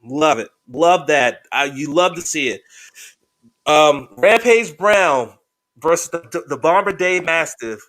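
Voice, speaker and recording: A man hosting a podcast, pitched a touch higher than most men. He chats casually and swears freely, jumping from dry asides to excited outbursts. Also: measured pace. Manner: profane, excitable and joking. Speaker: podcast host. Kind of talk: casual chat.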